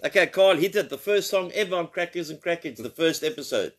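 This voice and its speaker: In an expressive, brisk voice that's a little high and a bit bright, a male host keeps a live show jokey, teasing guests, bantering, and breaking into frequent laughter.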